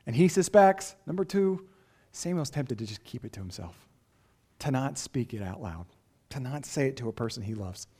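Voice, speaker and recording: A man's voice: mid-range voice, expressive, moderate pace, dark tone, husky. A pastor delivering a sermon in an earnest, emphatic way, often asking his listeners rhetorical questions.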